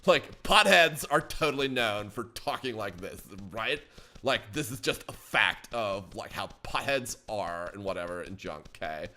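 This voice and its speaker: A laid-back young stoner surfer dude drawls his words in a lowered, slow, lazy voice, as a man puts him on. He stretches every word in easygoing Valley-style slang, like a character from a game video. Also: expressive, sharp tone, heavily acted. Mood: mocking.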